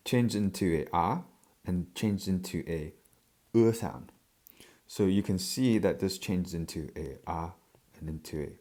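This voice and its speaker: A language teacher with a very low, deep, darkish voice works through a lesson at an unhurried pace of his own. He pauses often, uses fillers and now and then clears his throat while explaining each point.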